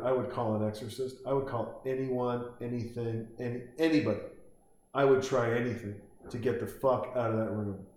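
A man's voice: mid-range voice, darkish tone. Beer-drinking guy riffing on a movie at home, rambly and cussing, super echoey room. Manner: rambling, profane, jokey, acts out quotes. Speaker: commentator reacting to a film. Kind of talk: casual reaction commentary.

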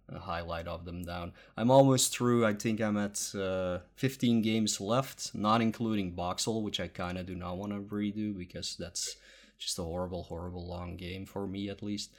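Male podcast host, half asleep, rambling, fillers everywhere, lowish voice. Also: fairly even intonation, moderate pace. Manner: rambling with many ums and uhs. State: sleepy. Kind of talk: casual podcast chat.

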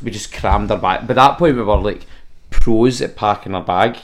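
A man's voice: on the low side, normal speed. A Scottish man hosting a podcast, telling travel stories in casual chat and swearing freely. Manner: animated storyteller, swears freely. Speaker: podcast host.

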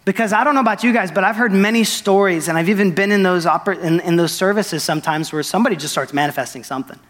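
A young man delivers a sermon in an earnest, animated way. His voice sits somewhat high for a man. It rings out with the long reverb of a church sanctuary. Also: fast. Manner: earnest, excited, animated retelling with quoted dialogue. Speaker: pastor. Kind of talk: sermon storytelling.

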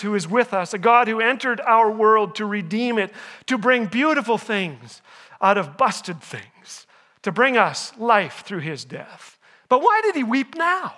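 A man preaching a chapel sermon in a high voice with a bright, forceful edge. He keeps it jokey and asks the audience questions. He acts out the lines of the people in the story as he goes. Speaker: chapel speaker. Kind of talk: humorous sermon.

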